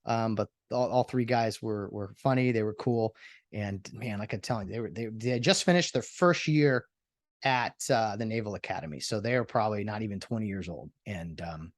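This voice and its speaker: A man's voice: lowish voice, moderate pace, no echo, studio quality. A man hosting his own show, telling a story in a casual, rambling monologue full of fillers and restarts. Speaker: podcast host.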